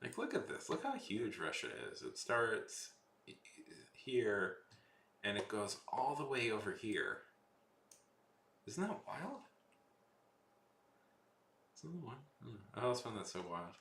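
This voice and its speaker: A man's voice: lowish voice, big pitch swings, measured pace, long pauses, a bit bright, roomy sound, a little hiss or hum. A young man chatting casually and rambling while drawing on a stream. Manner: rambling, lots of fillers and trailing off.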